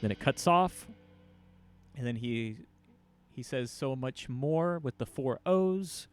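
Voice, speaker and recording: A man's voice: mid-range voice, animated, slow, faint music behind. A man giving a casual drum lesson, explaining hits and counting beats aloud. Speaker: drum teacher. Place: room with a drum kit. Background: drums played between talk.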